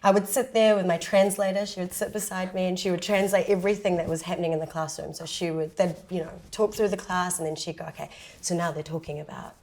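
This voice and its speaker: A young woman on a panel, chatting casually and telling lively stories about growing up abroad, acting out quoted voices. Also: on the low side, fast, hardly any pauses. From Tongan South African, raised partly in Japan. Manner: animated storytelling, acting out quoted voices with laughs.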